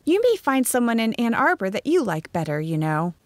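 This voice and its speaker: A woman's voice: on the high side, brisk, no room sound, pitched above the performer's own voice. A woman voicing an earnest, spirited eighteen-year-old schoolteacher in an audiobook. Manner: lively, bright-toned dialogue reading.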